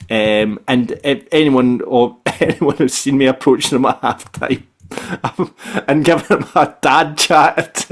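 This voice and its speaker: A man with a Scottish accent hosting a football podcast, telling stories in a chatty, animated way and often tagging "right?" onto his sentences. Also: medium pitch. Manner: animated storyteller, repeats "right?". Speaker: podcast host. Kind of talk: casual football podcast chat.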